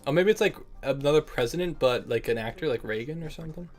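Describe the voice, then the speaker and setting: Young male streamer, playful banter, slightly high voice, soft music bed. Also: fast. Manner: joking, laughs often, calls people bro and man. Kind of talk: casual livestream chat.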